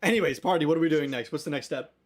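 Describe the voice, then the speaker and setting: A man's voice: fairly high pitch, rapid-fire. A young man running a tabletop game as game master, casual and joking, often breaking into laughs.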